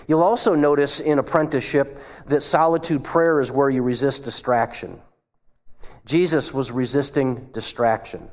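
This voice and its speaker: A man preaching a sermon as pastor, retelling scenes and dropping his voice low for asides. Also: moderate pace. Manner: acts out quoted voices, drops to a hush for asides. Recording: long hall reverb.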